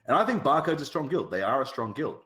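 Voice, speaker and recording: A man on a casual podcast, talking bluntly and with lots of profanity, telling animated stories. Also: mid-range voice, fast. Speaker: podcast guest. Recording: roomy echo.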